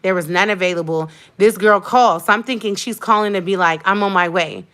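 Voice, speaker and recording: A woman's voice: medium pitch, fairly quick, fairly bright tone. A young woman talks straight to her viewers in a casual livestream chat. She recounts what happened with heated emphasis. She circles back and repeats her points to drive them home. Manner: heated, emphatic storytelling with repetition. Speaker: vlogger.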